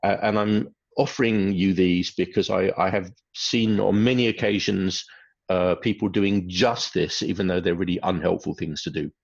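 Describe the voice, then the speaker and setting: A male webinar presenter on behaviour lectures in a low, steady voice with vocal fry, at a moderate pace. He sounds hesitant, uses lots of fillers, and acts out quoted phrases, all captured in dull lo-fi webinar audio.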